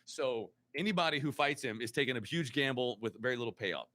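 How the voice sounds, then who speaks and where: A man's voice: medium pitch, lively intonation, a little fast, bright, forceful tone. A man hosting a casual podcast chat, rambling and repeating words as he searches for them. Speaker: podcast host.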